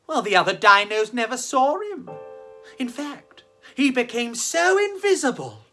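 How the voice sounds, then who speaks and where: Slow, gushing storyteller woman. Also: mid-range voice, pushed and bright. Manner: theatrical, gushing praise to children. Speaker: children's storyteller. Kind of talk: library rhyme time and storybook reading.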